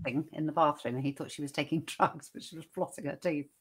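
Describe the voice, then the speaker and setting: A woman co-hosting a casual online chat show, chatting along with quick asides. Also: low-pitched.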